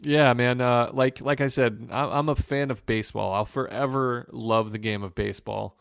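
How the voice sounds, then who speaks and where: A man from Northwest Ohio, a former pitcher, telling an earnest story in an interview with many restarts. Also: steady tone, moderate pace, gravelly, smooth, no room sound, clean studio sound. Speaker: former pro pitcher, podcast guest.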